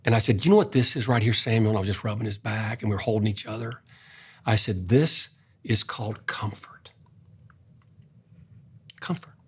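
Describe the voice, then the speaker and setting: An older man, telling an earnest personal story in a casual way, going soft and hushed when he quotes his own gentle words. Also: fairly low pitch, fast talker, slightly rough. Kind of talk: casual storytelling in a faith-based talk.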